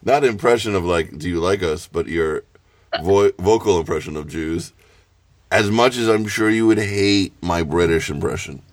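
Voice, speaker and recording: A man's voice: low-pitched, normal speed, dry recording. A man co-hosting a casual comedy podcast over a call, teasing and laughing often. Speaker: podcast co-host.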